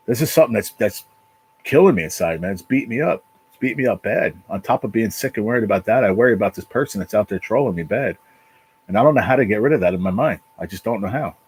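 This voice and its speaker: Husky, low-voiced man venting on a livestream. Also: rough recording. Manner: halting, repetitive, swears a lot. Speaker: livestream channel host. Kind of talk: emotional casual livestream chat. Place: apartment at home.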